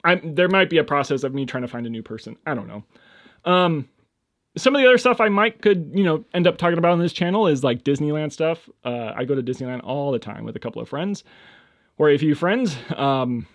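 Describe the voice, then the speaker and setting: A young man hosting a casual solo podcast, rambling and hesitant, full of fillers and restarts, with sudden high-pitched bursts. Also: very animated, fairly quick, dry recording, studio quality. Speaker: podcast host.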